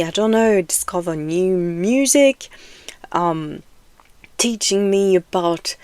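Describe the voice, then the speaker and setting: A woman talks straight to her viewers in a frank, rambling way, leaning on "you know" and small laughs. Her delivery is slow and unhurried. The recording is dry and close, with no room sound. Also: mid-range voice, darkish tone, dry recording. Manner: laughs often between phrases. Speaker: video essay vlogger. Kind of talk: casual direct-to-camera talk.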